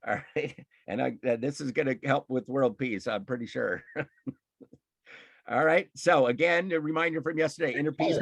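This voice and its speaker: A man's voice: medium pitch, no echo. A man teaching an online emotional intelligence class, talking in an emphatic, fired-up way with frequent laughs and restarts. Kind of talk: live online class, impassioned talk.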